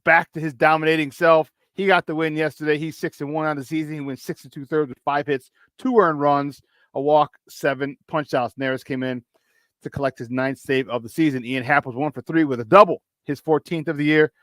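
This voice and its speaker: A man's voice: a little high, fairly even intonation, a little fast, fairly bright tone, dry recording. A man hosting a casual morning sports talk show, upbeat and chatty, often repeating himself and laughing.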